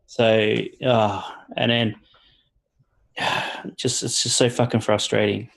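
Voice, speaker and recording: Aussie guy chatting casually, curses a lot, lowish voice. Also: little pitch movement, vocal fry, a bit bright, slight background noise, poor audio. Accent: Australian. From Australia. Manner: swears a lot, halting with fillers. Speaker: guest. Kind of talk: casual chat.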